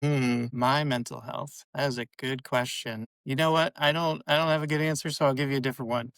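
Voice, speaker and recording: A man, a clinical psychologist, answering interview questions in a calm, measured, instructive way. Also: mid-range voice, clean tone, no room sound, rough recording.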